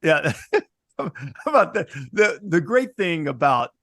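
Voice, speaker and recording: A man's voice: a little high, sing-song, measured pace, a bit bright, no echo, studio quality. A man hosting a casual sports podcast, chatting and telling stories with easy laughs. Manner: chatty storyteller, laughs easily. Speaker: podcast host.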